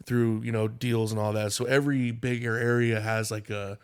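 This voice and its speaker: A man's voice: medium pitch, little pitch movement, moderate pace, clear, resonant tone. Rambling man telling a story. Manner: rambling storyteller, heavy on "like" and swearing. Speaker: podcast co-host. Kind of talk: casual chat.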